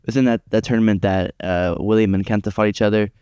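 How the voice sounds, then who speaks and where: A man's voice: lowish voice, fairly even intonation, warm tone, clear, resonant tone, dry recording, studio quality. A man hosting a casual podcast chat, asking questions and riffing on fight news. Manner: quick, chatty, asks questions.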